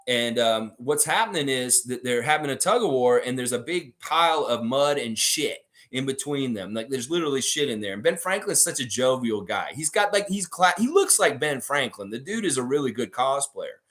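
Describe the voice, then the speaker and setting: A man's voice: medium pitch, normal speed. A man hosting a fan show, telling stories and chatting with viewers in a casual, profane way. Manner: animated, profane storytelling. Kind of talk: casual livestream chat with viewers.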